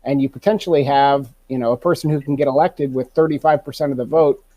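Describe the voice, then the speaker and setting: A man's voice: mid-range voice, steady tone, fast, no room sound, lo-fi sound. A man from Alaska, a ballot reform campaigner, answering on a panel in a conversational way, thinking aloud with fillers.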